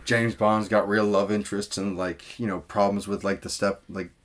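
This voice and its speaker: A man's voice: on the low side, little pitch movement, moderate pace, fairly bright tone. A man co-hosting a casual movie podcast, rambling with lots of fillers and swearing. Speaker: podcast co-host. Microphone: podcast mic.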